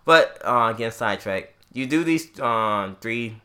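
A young man hosting a podcast, telling a gaming story in a casual, animated way. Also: mid-range voice, a little slow. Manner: animated storytelling with acted-out quotes. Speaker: podcast host. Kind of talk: casual chat.

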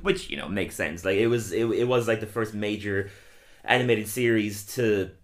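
A man's voice: lowish voice, moderate pace. A man hosting a podcast, casually recapping a cartoon episode in a rambling way with frequent fillers and laughter. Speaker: podcast host.

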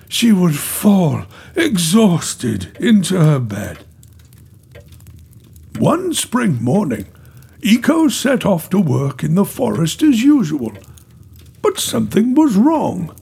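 A man narrating a children's story in a slow, expressive, gentle way. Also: high voice, gravelly, slightly rough.

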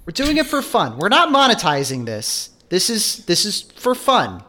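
A man's voice: high-pitched, huge pitch swings, moderate pace, bright, forceful tone, a little hiss or hum. A man co-hosting a podcast in casual chat, rambling, swearing and correcting himself as he goes. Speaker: podcast co-host.

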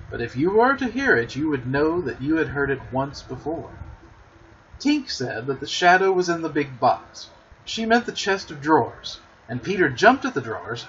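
A man reads a storybook aloud with expressive, dramatic storytelling. His voice is a little high, and the muffled lo-fi recording carries slight background noise.

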